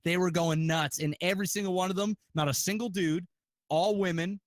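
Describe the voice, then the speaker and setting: A man's voice: sits high, steady tone, brisk, no echo, clean studio sound. A man co-hosting a podcast, telling rambling stories with lots of swearing. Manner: profane, rambling storyteller. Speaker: podcast co-host. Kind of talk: casual chat.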